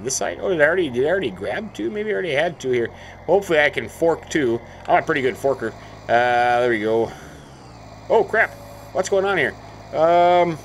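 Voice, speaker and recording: A man's voice: fairly high pitch, slight background noise, poor audio. A man hosting a farming game let's play, chatting casually as he plays, thinking aloud and often breaking into mild exclamations. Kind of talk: casual gameplay commentary.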